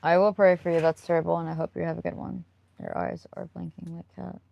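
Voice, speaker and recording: Low, gravelly-voiced woman streamer. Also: little pitch movement, fast, muffled recording. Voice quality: chatty and rambling, laughs often. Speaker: live streamer. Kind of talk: casual live-stream chat, answering viewer comments.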